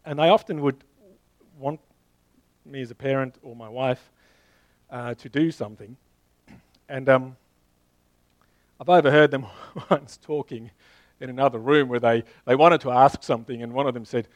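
A man's voice: medium pitch, fairly even intonation, moderate pace, long pauses, dry recording. A man in his thirties or forties preaching a sermon in a conversational way, often restarting phrases and speaking directly to his listeners. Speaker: pastor.

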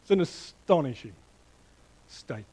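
A middle-aged man preaching a sermon, animated and playful, quizzing the congregation and then dropping to a hushed tone for emphasis. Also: on the high side, moderate pace, breathy edge, low-quality recording. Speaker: pastor.

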